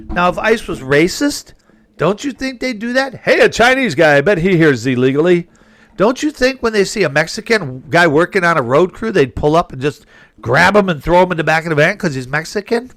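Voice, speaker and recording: A man's voice: sits high, a bit bright. A middle-aged man hosting a talk show, giving a rambling, folksy opinion monologue that flares up when he gets indignant. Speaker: host.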